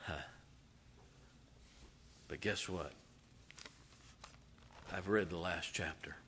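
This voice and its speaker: A middle-aged man, a pastor, preaching a fervent sermon. He swings from booming declarations to hushed, intimate asides. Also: extremely slow, a little hiss or hum. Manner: impassioned, emphatic preaching with repeated phrases.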